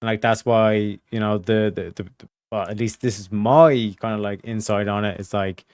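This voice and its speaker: Guy streamer chatting on a call, low smooth voice, lots of likes and restarts. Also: steady tone, moderate pace, darkish tone, no echo. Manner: rambling, many fillers and restarts. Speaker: streamer host. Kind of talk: casual stream chat.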